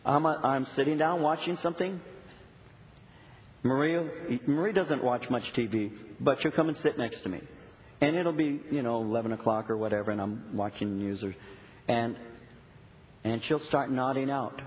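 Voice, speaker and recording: Animated man preaching in a reverberant church. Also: mid-range voice, moderate pace. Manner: animated storytelling, acts out dialogue. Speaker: pastor. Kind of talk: sermon. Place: church sanctuary. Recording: long hall reverb, faint noise.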